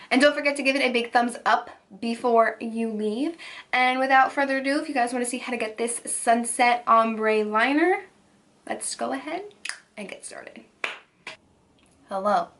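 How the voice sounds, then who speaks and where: A woman's voice: mid-range voice, a bit bright, a little hiss or hum. A young woman with a cold and a nasal voice, chatting through a makeup tutorial voiceover with gushing, casual talk full of fillers. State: has a cold. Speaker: beauty vlogger.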